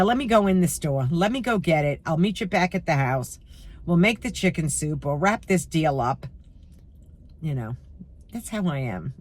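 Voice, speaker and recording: Middle-aged new york lady vlogging, kinda stuffy from a cold, opinionated, a bit low. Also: a little mellow. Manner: opinionated, chatty, talks to viewers as friends. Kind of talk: casual chatty vlog.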